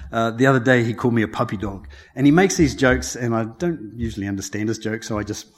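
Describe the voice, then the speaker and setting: A man's voice: medium pitch, a little fast. A middle-aged man, sharing a personal testimony at church before his sermon, chatty and emotional, often laughing. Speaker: lay preacher.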